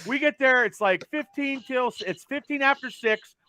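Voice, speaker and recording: A man co-hosting a casual podcast, telling a story loudly and excitedly and swearing freely. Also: extremely high pitch, moderate pace, clear, resonant tone, no echo. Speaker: podcast co-host.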